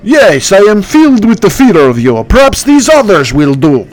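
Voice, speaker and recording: A man voicing a scornful undead oathbreaker spirit who speaks slowly and mockingly. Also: high-pitched, wildly swooping pitch, darkish tone, pitched above the performer's own voice. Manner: slow, sneering, mocking.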